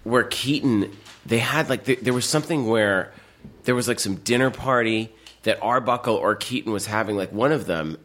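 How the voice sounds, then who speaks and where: A man as a podcast guest, telling stories in a casual chat, animated and full of fillers and laughter. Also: mid-range voice, moderate pace, slight background noise.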